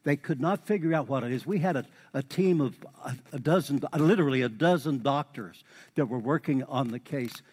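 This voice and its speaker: A middle-aged man preaching a sermon in a folksy way, repeating key lines for emphasis and building into lively exhortation. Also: medium pitch, fairly quick, breathy edge. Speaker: pastor. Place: church sanctuary. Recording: long hall reverb.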